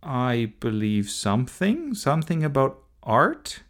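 A man's voice: mid-range voice, huge pitch swings, takes it slowly, voice pushed up. A man voicing a curious, eager little boy in a storybook reading, asking wondering questions.

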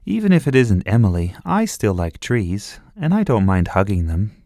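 A man voicing an imaginative, earnest young girl in a storybook reading, in a high childish voice. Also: huge pitch swings, moderate pace, warm tone, dry recording, studio quality.

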